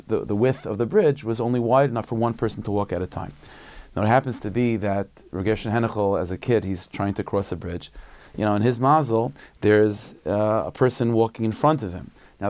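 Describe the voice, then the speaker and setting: Man, rabbi, relaxed storytelling sermon, conversational, gravelly voice, dry close sound. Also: fairly low pitch, no echo. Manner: relaxed, conversational, frequent fillers.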